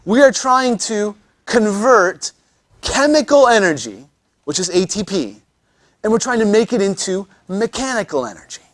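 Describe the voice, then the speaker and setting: A man's voice: high voice, sing-song, moderate pace, no room sound, clean studio sound. Joking man lecturing a class. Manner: joking, many restarts and repeated words. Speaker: anatomy teacher.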